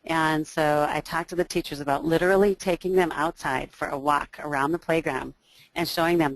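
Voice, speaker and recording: A woman, an early childhood teacher, giving a training talk to educators with a booming voice, listing strategies with frequent ums and you knows. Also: fairly even intonation, moderate pace, no room sound, poor audio. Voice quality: loud, booming voice.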